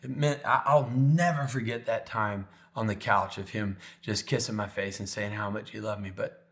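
A middle-aged male pastor tells a personal story from the pulpit. His voice moves between animated, laughing storytelling and soft, hushed, tender moments. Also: fairly low pitch, normal speed. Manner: emotional, animated storytelling, drops to near whisper when tender. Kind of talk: sermon storytelling.

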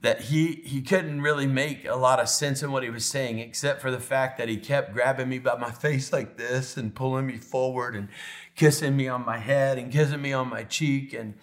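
A middle-aged male pastor tells a personal story from the pulpit. His voice moves between animated, laughing storytelling and soft, hushed, tender moments. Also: mid-range voice, moderate pace. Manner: emotional, animated storytelling, drops to near whisper when tender. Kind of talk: sermon storytelling.

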